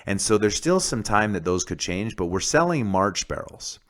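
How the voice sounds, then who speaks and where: A man's voice: lowish voice, sing-song, normal speed. A man hosting a casual podcast about the oil industry, talking bluntly and profanely with lots of fillers and restarts.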